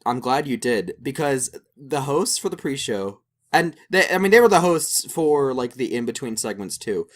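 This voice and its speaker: A young man co-hosting an anime podcast in loose, casual chat. He rambles and restarts, with plenty of fillers, and his voice sits at an ordinary middle pitch. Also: moderate pace. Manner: animated, rambling with many fillers. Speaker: podcast co-host.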